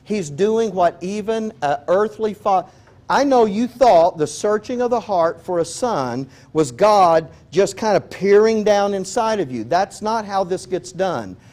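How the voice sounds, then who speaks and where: High-voiced folksy preacher man. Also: a little slow. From Texas. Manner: folksy, animated, acts out quoted prayers. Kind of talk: conversational sermon.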